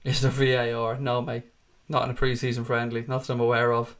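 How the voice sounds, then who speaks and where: A man commentates a football match live for his viewers, fast and profane. His voice sits at an ordinary middle pitch for a man, and he jumps between excited play calls, curses at the referee, and replies to the chat. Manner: excitable, sweary, rants at the referee. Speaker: fan hosting a live watchalong.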